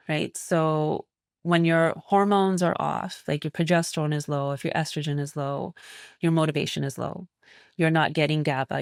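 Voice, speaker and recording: A woman's voice: low voice, gravelly, no echo, clean studio sound. A woman naturopathic physician speaking as a guest in an interview, explaining in a reflective, flowing way. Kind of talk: interview conversation.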